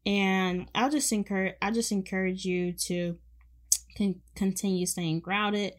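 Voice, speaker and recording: A woman's voice: mid-range voice, steady tone, unhurried. A young woman hosting a faith podcast, speaking fervently and affectionately, repeating phrases for emphasis and calling her listeners honey and baby. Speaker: podcast host.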